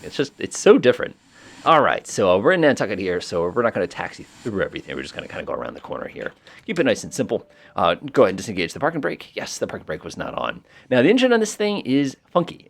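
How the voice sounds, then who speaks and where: Guy rattling off a casual walkthrough real quick, voice jumping all over, easily amused. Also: low-pitched, gravelly. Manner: excitable, amused, chatty with frequent fillers. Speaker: flight simulator video host.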